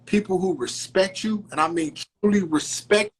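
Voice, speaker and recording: A man's voice: sits high, moderate pace. A man in casual podcast chat, speaking earnestly in broken fragments and calling people "bro" a lot. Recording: phone-streamed live chat.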